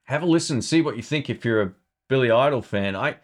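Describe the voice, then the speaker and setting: A man's voice: mid-range voice, animated, a little fast. A man hosting a casual live stream about guitar gear, chatting loosely and thinking aloud.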